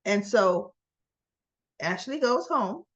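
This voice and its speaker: A woman's voice: mid-range voice, animated, slow pace, lo-fi sound. A woman host recapping a soap opera in a chatty, opinionated storytelling manner. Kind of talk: casual recap narration.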